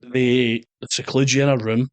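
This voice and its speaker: A Scottish man in his thirties, a guest soccer coach, telling animated stories in a casual interview and slipping into quoted voices. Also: mid-range voice, unhurried, no room sound. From Scotland.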